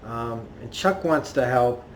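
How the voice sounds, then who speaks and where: A man's voice: mid-range voice, animated, measured pace, a little hiss or hum. A man recapping a cartoon episode in a casual, rambling way, full of fillers and laughs. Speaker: cartoon reviewer. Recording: roomy echo.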